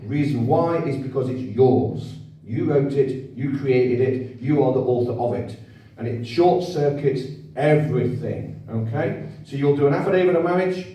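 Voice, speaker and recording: A man speaking at normal speed, with a mid-range voice and dark tone, addresses an audience in a hall. His informal talk is conversational and repetitive, frequently seeking their agreement, and his voice comes from far off amid heavy echo.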